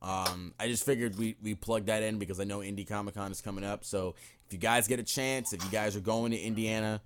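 A man's voice: on the low side, fairly even intonation, brisk, slight background noise. A young man hosting a podcast, chatting casually in a laid-back, slangy way with some swearing. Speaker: podcast co-host.

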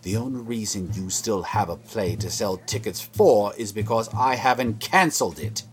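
An actor playing a stern, proud theater producer who scolds with sharp sarcasm, in an audio drama. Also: male voice, on the low side, normal speed, soft background music, lightly acted. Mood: furious.

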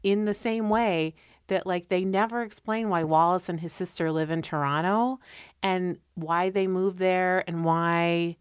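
A woman with a low, smooth voice talks through a casual podcast chat, rambling and taking sidebars mid-thought. She is recorded close and dry, with no room sound. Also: steady tone, a little slow, dry recording. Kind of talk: casual chat about movies.

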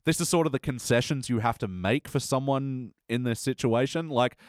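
Male podcast host, animated and playful, dry close-mic sound. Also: medium pitch, no room sound. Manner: animated, quick to slip into character voices. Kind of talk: casual chat.

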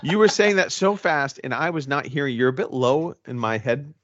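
A man's voice: medium pitch, moderate pace, a bit bright, highs cut off. A man co-hosting a casual podcast chat, rambling with many restarts and the odd swear word. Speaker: podcast co-host.

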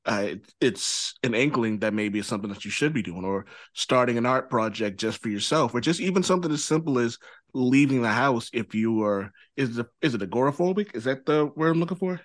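A man's voice: medium pitch, expressive, fairly quick, no room sound. A man hosting a podcast in casual chat, loose and rambling, often checking in with "you know what I mean.". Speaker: podcast host.

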